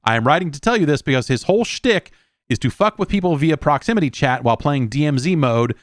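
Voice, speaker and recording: A man's voice: fairly high pitch, lively intonation, quick pace, no room sound, clean studio sound. A man hosting a podcast, reading a listener email and telling loose, profane gaming stories with many restarts. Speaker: podcast host. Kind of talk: casual solo podcast talk. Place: quiet room at home.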